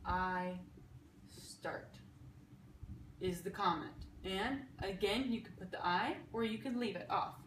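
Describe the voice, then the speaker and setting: This woman's medium-pitched, slightly bright voice keeps a moderate pace with few pauses. At a whiteboard in an echoey room with faint background noise, she casually explains sign language grammar step by step and repeatedly checks in with "okay?".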